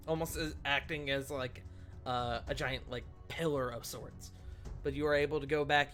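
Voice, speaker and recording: A man narrating a tabletop game as game master, animated and laughing often, jumping into loud character quotes. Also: mid-range voice.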